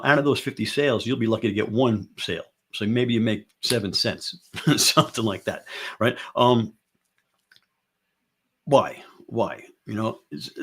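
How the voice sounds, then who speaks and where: A man's voice: lowish voice, breathy edge. A man hosting a casual talk show, giving emphatic advice and repeating rhetorical questions again and again. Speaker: show host.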